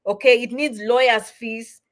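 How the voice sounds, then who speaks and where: A woman in middle age answers viewer comments on a livestream. Her voice sits a little high, and she talks in an emphatic, encouraging way, repeating words for weight. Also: fairly even intonation, a little slow. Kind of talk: livestream Q&A chat.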